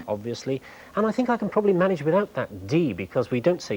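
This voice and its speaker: A man presenting a TV show, explaining technology clearly with a light humorous touch in a studio. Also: medium pitch, very animated, fairly quick, a little mellow, slight background noise, rough recording.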